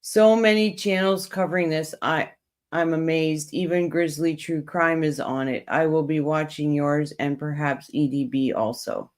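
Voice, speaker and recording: A woman's voice: low voice, steady tone, a little slow. A woman hosting a true crime livestream, chatting casually with viewers and reading their comments while coming down with a cold.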